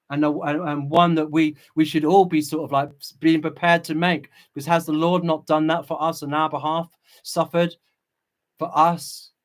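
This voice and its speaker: A man hosting a livestream, reading viewer chat and preaching with impassioned fervor. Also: fairly high pitch. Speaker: channel host.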